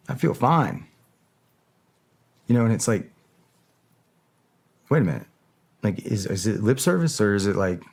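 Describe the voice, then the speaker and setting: A middle-aged man as an interview guest, talking candidly and reflectively, often pausing to search for words. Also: on the low side, a little mellow. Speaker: interview guest, former special operator. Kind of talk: candid long-form interview talk.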